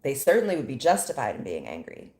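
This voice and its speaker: A woman's voice: a bass voice, huge pitch swings, fast, mellow, echoey room. An American woman giving an impassioned, indignant monologue full of rhetorical questions. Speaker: commentator.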